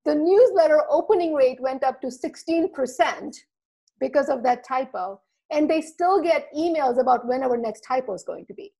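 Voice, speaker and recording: High-pitched woman guest on a podcast, animated storyteller, laughs a lot. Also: moderate pace, gravelly. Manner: lively, acts out quotes, laughs often. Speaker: podcast guest, marketing speaker.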